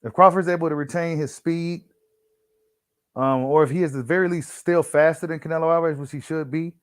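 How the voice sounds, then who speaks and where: A man's voice: fairly high pitch, fairly even intonation, fairly quick, no echo, clean studio sound. Slangy man doing boxing talk. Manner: slangy, repeats himself, many fillers; reads an article aloud to viewers. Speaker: boxing channel host. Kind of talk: casual boxing commentary.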